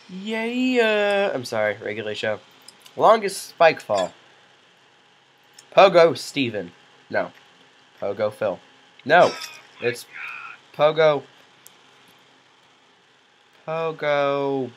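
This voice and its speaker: A man doing goofy, excitable let's play commentary, yelling reactions and cracking self-mocking jokes. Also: fairly high pitch, extremely slow, long pauses, a little hiss or hum, rough recording. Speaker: gaming commentator.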